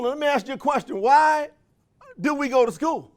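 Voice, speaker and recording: High-voiced man preaching motivation. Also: brisk, pauses often. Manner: call-and-response, rhetorical questions; folksy, countrified phrasing. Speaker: motivational speaker at a sales training. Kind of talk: live motivational speech. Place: event room.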